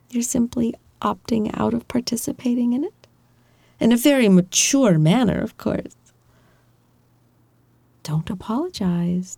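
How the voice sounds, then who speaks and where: A woman voicing an affectionate girlfriend who gently reassures and teases her partner, in a whispered role-play. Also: mid-range voice, vocal fry, no room sound, full character voice. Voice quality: soft, gentle, reassuring, playfully teasing.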